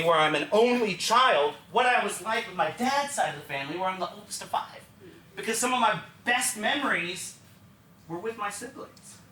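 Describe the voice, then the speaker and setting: A man's voice: high-pitched, bright, forceful tone, a little hiss or hum. A young man from Texas performing an autobiographical one-man show, telling his story to the audience in a wry, confiding way. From Texas, USA. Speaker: solo stage performer. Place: small theatre stage. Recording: roomy theatre recording from a distance.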